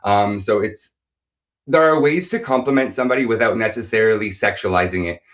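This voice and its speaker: A man's voice: on the low side, fairly bright tone. Candid man giving live-stream advice. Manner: candid, earnest and halting. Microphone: phone or device mic.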